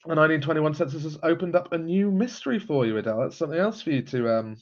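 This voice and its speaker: A man hosts a live genealogy stream, chatting casually through viewer comments with frequent ums and chuckles. His voice is a little high and rapid-fire, and the lo-fi audio sounds slightly muffled.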